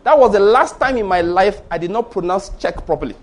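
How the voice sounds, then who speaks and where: A man's voice: high voice, animated, brisk. A middle-aged man with a Nigerian Yoruba accent, preaching a sermon in an emphatic storytelling way. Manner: storytelling, emphatic, repeats points. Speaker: pastor.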